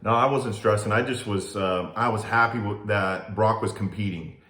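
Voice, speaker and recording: A man's voice: on the low side, moderate pace. Earnest man co-host in an echoey room. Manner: steady, earnest storytelling. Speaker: podcast co-host and youth wrestling coach. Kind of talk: casual chat.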